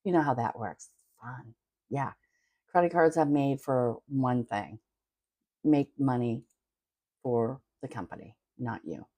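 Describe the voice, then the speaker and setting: A woman's voice: very deep voice, slow, pauses often, warm tone, no room sound. A middle-aged woman coaching on money in a casual livestream, blunt and chatty with casual swearing.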